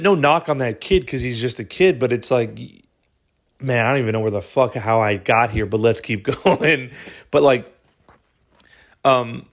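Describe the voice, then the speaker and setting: Young guy ranting on his podcast, swears a lot, rambles, mid-pitched voice. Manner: rambling, profane, animated storytelling. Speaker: podcast host. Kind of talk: casual solo podcast rant.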